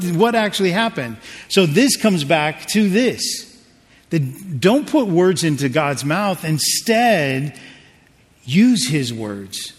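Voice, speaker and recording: Man preaching in a reverberant hall. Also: on the high side. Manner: conversational preaching with jokes and audience prompts. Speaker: pastor. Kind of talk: sermon.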